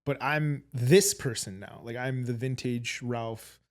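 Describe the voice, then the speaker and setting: A man's voice: medium pitch, steady tone, slow pace. Casual male podcast guest, mid-range voice, loose storytelling that slips into other people's lines. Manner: rambling storyteller, acts out quoted voices. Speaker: guest rapper.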